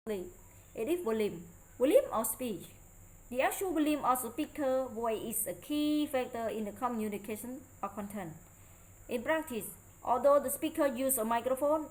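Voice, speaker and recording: A student presenter with a fairly high-pitched voice reads her presentation aloud like a lecture. She goes carefully and haltingly, and her grammar is non-native. The audio is poor.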